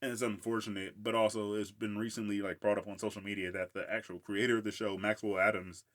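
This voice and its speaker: A man's voice: on the low side, level tone, fast, fairly bright tone. A man hosting a casual solo podcast, rambling about a cartoon with lots of filler words and frequent laughs. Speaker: podcast host.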